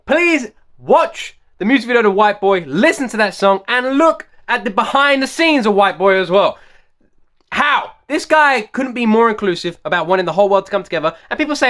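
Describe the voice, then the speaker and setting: A man hosts a music reaction video. He talks quickly in a high, bright voice. He hammers his points home with repeated rhetorical questions. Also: expressive. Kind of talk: excited music reaction commentary.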